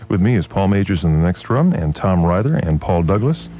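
Man, morning radio host, teasing banter, low voice, dull lo-fi broadcast. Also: sing-song, brisk, mellow, slight background noise. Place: radio studio.

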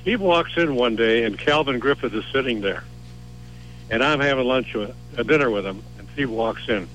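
A man calling in from a cell phone in a car, telling a story in an animated, jumpy way. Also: mid-range voice, moderate pace, slight background noise, rough recording. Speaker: caller. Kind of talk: phone-in chat.

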